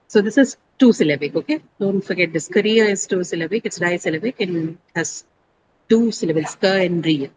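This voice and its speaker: A woman teacher leading an English pronunciation lesson, patiently repeating each word slowly for her students. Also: lowish voice, lively intonation, noisy background. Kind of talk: classroom lesson on syllables and stress.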